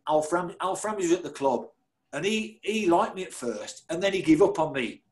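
A man, a guest telling lively, self-deprecating stories and laughing through them. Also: on the high side. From Birmingham, England. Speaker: guest, former footballer. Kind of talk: anecdotal storytelling.

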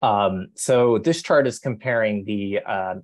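A congested woman presenting a report at a webinar over a video call, talking with many fillers and pauses. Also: extremely low pitch, a little mellow, no echo. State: stuffy, congested. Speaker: policy advisor presenting a report.

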